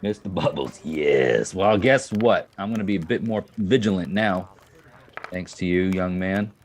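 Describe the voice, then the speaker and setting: A man's voice: sits low, measured pace. A man chatting casually and goofily while streaming a game. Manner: rambling, joking, goofy. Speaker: live-stream gamer. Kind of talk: casual live-stream chat.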